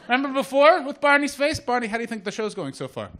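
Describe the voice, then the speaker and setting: A Canadian man hosting a live comedy chat show, joking loudly, then dropping into muttered asides. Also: very high-pitched, big pitch swings, quick pace, a little hiss or hum. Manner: loud, jokey, swings between shouting hype and muttered asides. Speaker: host. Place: live comedy venue with audience.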